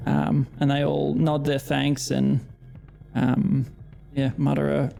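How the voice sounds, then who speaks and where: A gravelly Australian man narrating a tabletop game as dungeon master. He talks slowly and hesitantly, with many ums, in a dark, mellow tone. Soft music plays behind him. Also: mid-range voice. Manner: relaxed, hesitant with frequent ums, laughs often.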